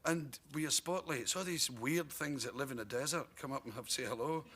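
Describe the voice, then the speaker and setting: A man's voice: medium pitch, fairly quick. A Scottish man telling comic stories as a talk show guest, laughing often and mimicking the people in his tales. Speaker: comedian guest. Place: television studio with audience. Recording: noisy 1981 broadcast recording.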